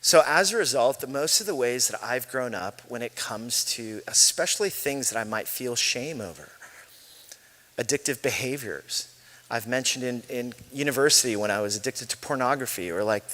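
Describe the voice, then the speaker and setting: A male pastor preaching a sermon in a relaxed, conversational storytelling way, with self-deprecating jokes. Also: mid-range voice, moderate pace. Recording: echoey large hall.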